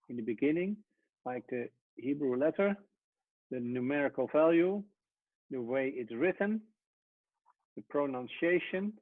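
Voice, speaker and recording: A man teaching a Hebrew lesson at a whiteboard, explaining step by step and often trailing off softly. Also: mid-range voice, dry recording. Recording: tinny phone-like sound.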